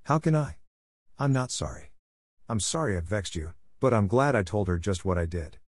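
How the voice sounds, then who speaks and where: A fiery redheaded young girl pleads and protests through tears, as a man reads her lines in his own low register. She is passionate and stubborn. The recording is close and dry. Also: animated, moderate pace, dry recording. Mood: defiant pleading.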